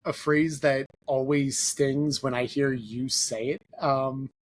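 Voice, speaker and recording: A man's voice: medium pitch, steady tone, slow, slight background noise. A man hosting a podcast interview, talking casually and rambling with lots of "like" fillers. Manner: rambling, filler-heavy, leans on "like". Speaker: podcast host.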